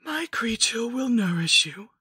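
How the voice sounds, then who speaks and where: A woman voicing a sweetly menacing old female lich hag, crooning slowly in a breathy, husky whisper for a horror story. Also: on the high side, big pitch swings, sharp tone, no echo, studio quality, voice pushed up, exaggerated voice. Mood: crooning menace. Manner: cooing, slow, crooning.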